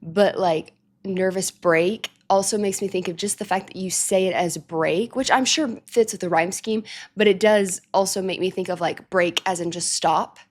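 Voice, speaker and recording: A woman hosting a music reaction, chatting casually and animatedly, laughing often and now and then cooing softly at her cat. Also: medium pitch, moderate pace. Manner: drops to soft baby talk with her cat. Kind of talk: casual chat.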